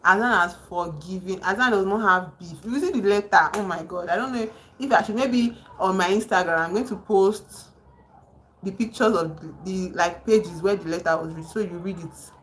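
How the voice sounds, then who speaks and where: A woman hosting a casual livestream, excitedly retelling a novel's plot with emphatic outbursts. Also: medium pitch, normal speed, a little hiss or hum, poor audio. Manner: excited, emphatic storytelling with sudden exclamations. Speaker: livestream host. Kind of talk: casual livestream chat about a book. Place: home.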